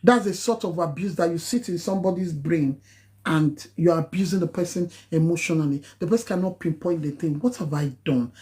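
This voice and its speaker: A Nigerian-accented woman speaks in a mellow, darker voice, lecturing her viewers like a preacher. She hammers her points and leaps up in pitch on sharp, insistent phrases. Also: fairly quick. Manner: emphatic, preachy, rising to high exclamations. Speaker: nurse giving a live talk. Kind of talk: impassioned live-stream talk.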